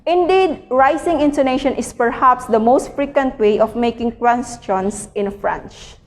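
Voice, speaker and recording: A fairly high-voiced woman reads a textbook aloud as a lecture, careful and measured, now and then correcting a slip. Her voice carries a long reverb tail, as if it were recorded in a large hall. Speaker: teacher presenting a reading.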